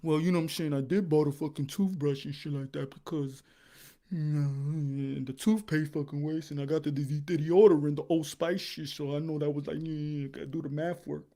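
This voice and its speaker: A man's voice: fairly high pitch, steady tone, brisk, dark tone, pitched below the performer's own voice, close to an everyday voice. A man mumbling as a broke, rambling regular guy. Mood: sheepish.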